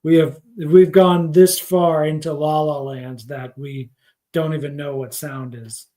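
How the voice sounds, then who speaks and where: Man, scripture teacher, casual livestream lesson, rambling with fillers, mellow tone, slightly high pitch. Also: little pitch movement, unhurried. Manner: rambling, many fillers, thinks aloud. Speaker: spiritual teacher.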